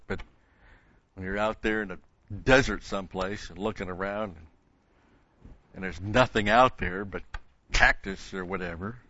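A man's voice: on the low side, fairly bright tone, dry recording. A man delivering an expository sermon as a Bible teacher, stressing points by repeating key words. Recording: dull, dry lo-fi recording.

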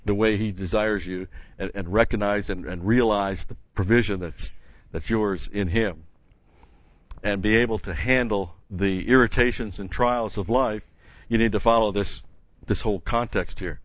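A man's voice: fairly low pitch, steady tone, moderate pace, no room sound, dull audio. A man teaching a Bible study in an earnest, emphatic way, stopping often with "uh" and restarting phrases.

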